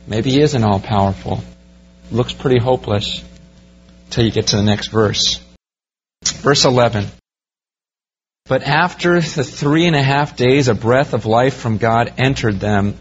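A man preaching a sermon verse by verse, growing animated as he pictures the scene for his listeners. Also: mid-range voice, muffled recording, a little hiss or hum. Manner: animated, rising to excited storytelling. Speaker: pastor.

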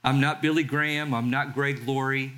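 A man in his sixties from Southern California, a pastor preaching a sermon in a conversational way and slowing down to read scripture. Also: medium pitch, steady tone, bright, forceful tone, clean tone. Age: 60s. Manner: conversational, reads scripture slowly.

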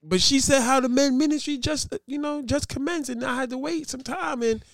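High-voiced profane man telling stories. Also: fairly quick, dry recording, studio quality. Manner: profane, animated storytelling with quoted voices. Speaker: podcast co-host. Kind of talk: casual chat.

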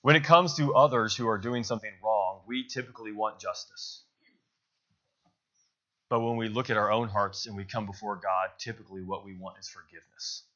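A man's voice: fairly low pitch, moderate pace, sharp tone, muffled recording. A man preaching a sermon to a congregation in a loose, conversational way, correcting himself as he goes and checking in with "right?". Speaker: pastor. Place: church service.

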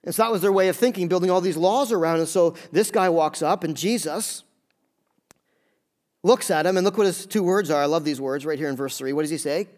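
A man's voice: a little high, fairly quick, a little mellow. A man preaching a sermon in a church, talking conversationally and often asking the congregation questions. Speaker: pastor.

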